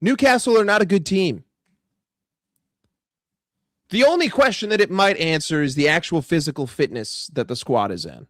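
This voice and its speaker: Animated, profane young football vlogger. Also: male voice, fairly high pitch, moderate pace, pauses often, no room sound, studio quality. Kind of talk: casual ranting vlog.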